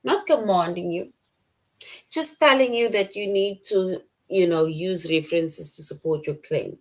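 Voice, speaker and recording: A woman's voice: fairly low pitch, a little slow. A woman teaching a middle-school grammar lesson, repeating key points and explaining with examples.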